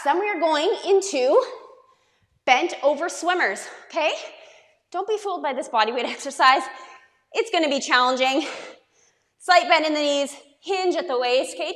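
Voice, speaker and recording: High-voiced, upbeat woman fitness coach. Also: a bit bright, in a large hall. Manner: upbeat, encouraging, counting reps aloud. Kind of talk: workout instruction.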